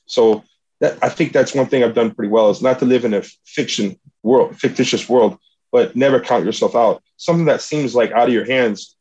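A man's voice: mid-range voice, fairly quick, a little mellow, slightly rough. A man, a jiu-jitsu athlete, telling a story in an earnest, rambling, motivational way. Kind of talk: casual storytelling. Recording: dull lo-fi recording.

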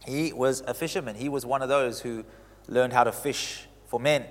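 A man preaching a sermon who gets animated, swinging in pitch and loudness as he drives his points home. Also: moderate pace, big-room sound.

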